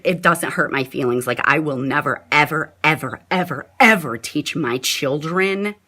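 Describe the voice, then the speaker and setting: A middle-aged woman talks straight to her viewers over a phone or webcam, chatty and gushing. Her voice is bright and forward, and it swoops widely up and down. She keeps turning back to her audience as "you guys". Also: deep voice. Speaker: vlogger on a live stream. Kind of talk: casual live-stream talk to viewers.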